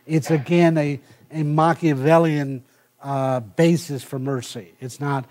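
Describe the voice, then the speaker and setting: A middle-aged male professor giving a university lecture, halting with many filler sounds and restarts and reading passages aloud. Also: on the high side, steady tone, a little mellow. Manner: reads passages aloud from the text.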